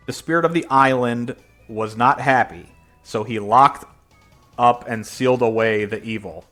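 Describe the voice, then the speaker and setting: A man's voice: mid-range voice, fairly bright tone. A man casually reading a translated comic aloud and narrating its panels, in a loose, rambling way with many fillers. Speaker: reader.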